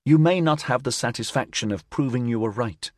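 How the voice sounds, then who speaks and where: A man voicing a calm, earnest male crewman in an audiobook, persuading gently. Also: medium pitch, brisk, dry recording, studio quality, voice pushed up, natural voice.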